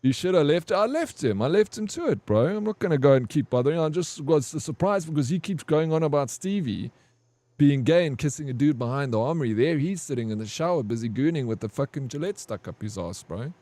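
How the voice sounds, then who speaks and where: A man's voice: a little high, lively intonation, a little fast, warm tone, no room sound. Rambling crude-talking male game streamer. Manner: rambling, crude, laughing while telling an army story. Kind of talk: casual gaming stream storytelling.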